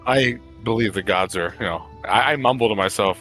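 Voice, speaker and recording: A man's voice: lowish voice, fairly quick, hardly any pauses, fairly bright tone, faint music behind. A man playing a tabletop game, talking casually and hesitantly, with many fillers. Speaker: player.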